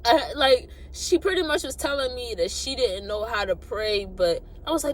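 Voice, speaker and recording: A young adult woman casually telling a personal story, animated and colloquial, acting out what people said. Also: high voice, normal speed, few pauses. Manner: animated, acts out quotes, colloquial. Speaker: vlogger.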